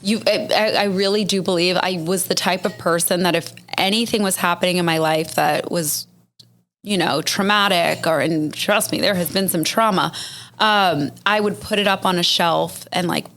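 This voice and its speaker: A woman's voice: on the low side, steady tone, moderate pace, fairly bright tone. A woman guest on a podcast who talks about business support in an earnest, reflective way. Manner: reflective, earnest, speaks through ideas aloud with restarts. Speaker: guest, business networking organizer. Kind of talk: casual conversational interview.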